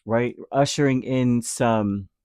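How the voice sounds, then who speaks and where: A man's voice: mid-range voice, takes it slowly, a little mellow, clean tone, no echo, clean studio sound. A man giving a casual tarot reading, rambling with many fillers and slipping into short acted-out quotes. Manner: rambling, filler-heavy, acts out little imagined quotes. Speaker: tarot reader.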